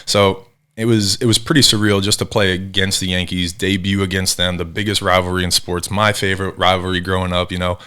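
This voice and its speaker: A man in his thirties from New Jersey, a former ballplayer guest telling animated stories in casual chat. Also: sits low, clean tone. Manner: fast, animated storyteller acting out quotes. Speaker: podcast guest, former baseball pitcher.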